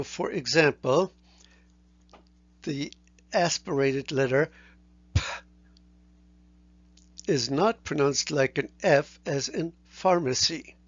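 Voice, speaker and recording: Slow, careful male language teacher. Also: on the high side, no echo, dull audio. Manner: slow, careful explanation, sounding out letters. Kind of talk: recorded lecture.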